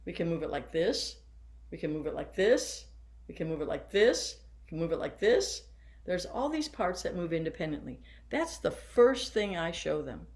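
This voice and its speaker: An older woman in her 70s, a band director, coaches teachers from her seat in a workshop lesson, demonstrating as she goes. Her voice is lowish and very animated at a moderate pace, and she warmly guides listeners hands-on through exercises.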